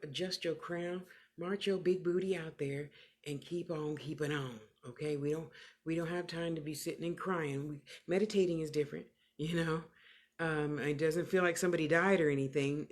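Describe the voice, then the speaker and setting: A woman with a low voice works as a clairvoyant medium, giving casual livestream readings. She is animated, emphatic, sassy, and motherly, often repeating phrases for emphasis.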